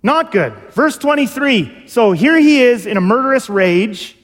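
A male pastor giving a sermon with a high voice. He talks to his congregation casually, asks them questions, and acts out quotes. The voice echoes with the long reverb of a hall. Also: very animated, a little slow.

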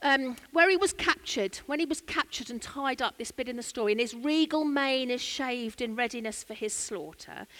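English woman, sermon, high-pitched voice, chatty storytelling, talks to the congregation. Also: a bit bright. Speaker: preacher. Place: church.

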